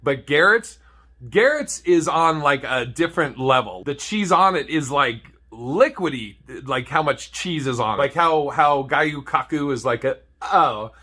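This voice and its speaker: Man, comedian, bright voice, profane storytelling, laughs a lot. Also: on the high side, animated, measured pace. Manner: profane, laughs at own jokes.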